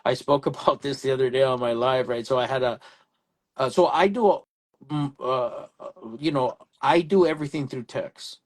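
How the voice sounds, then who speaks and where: A man's voice: mid-range voice, moderate pace. A man, an electrical contractor, telling a story in casual chat and acting out both sides of a phone exchange. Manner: animated storyteller, acts out phone dialogue.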